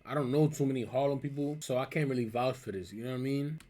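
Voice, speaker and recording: A man's voice: medium pitch, fast, mellow. Blunt New York guy reacting, noisy mic. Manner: blunt, slangy, cuts in often. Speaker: streamer reacting to a video. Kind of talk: casual reaction commentary.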